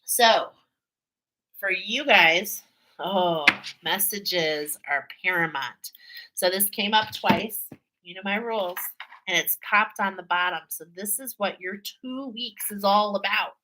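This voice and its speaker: Bright-voiced woman reading tarot cards. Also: medium pitch, slow, a little hiss or hum, rough recording. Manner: chatty, repeats herself, frequent "okay?" and laughs. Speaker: tarot card reader. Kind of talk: casual spiritual card reading.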